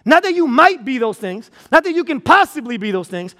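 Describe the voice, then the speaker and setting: High-voiced man preaching energetically. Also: normal speed, few pauses. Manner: energetic, repetitive preaching with restarts and emphatic repeats. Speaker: pastor. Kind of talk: sermon. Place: church auditorium.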